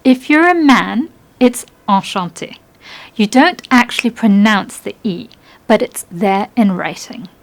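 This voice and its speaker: A young adult woman presenting a scripted language lesson in an upbeat, encouraging way, slowing down to model phrases. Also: fairly high pitch, animated, gravelly. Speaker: French language teacher.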